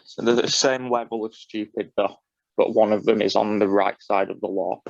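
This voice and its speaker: Gravelly-voiced man rambling casually. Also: fairly low pitch, steady tone, normal speed, no room sound, highs cut off. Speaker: podcast co-host. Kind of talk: casual chat.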